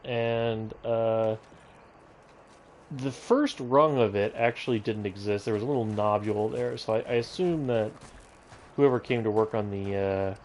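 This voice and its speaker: A man's voice: on the low side, fairly even intonation, a little slow, a little mellow, a little hiss or hum. A man casually commentating a live gameplay stream, rambling and breaking off into tangents. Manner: rambling, self-interrupting, goes off on tangents.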